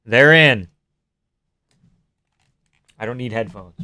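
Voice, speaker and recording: A man streaming live reactions to a fight, talking casually with lots of swearing and bursting into shouted groans. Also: mid-range voice, normal speed, clear, resonant tone. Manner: profane and excitable, breaking into shouted groans.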